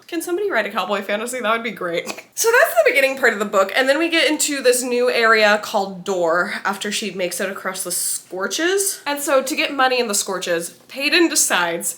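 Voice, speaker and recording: A young woman talking through a book's plot in a casual spoiler review. She is animated, laughs often and reacts with big exaggerated disbelief. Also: fairly high pitch, fairly quick. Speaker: book vlogger.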